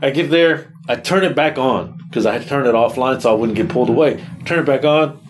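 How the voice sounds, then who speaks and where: Man, podcast co-host, casual storytelling, animated, swears a lot. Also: mid-range voice, a little fast. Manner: animated storyteller, acts out his own reactions, swears a lot.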